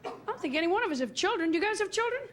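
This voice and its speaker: Chatty high-voiced female comic. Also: big pitch swings, racing. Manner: chatty, talks straight to the audience. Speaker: stand-up comedian and emcee. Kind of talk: stand-up comedy routine. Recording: live club set with audience and hiss. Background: audience laughter.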